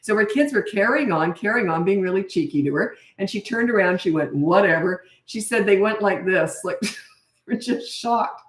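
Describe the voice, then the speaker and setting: Answering viewer questions live, a middle-aged parenting coach speaks at a moderate pace with a medium pitch and lively intonation. She's blunt, frank, and chatty, often restarting. The mic is distant, leaving her off-mic in an echoey room.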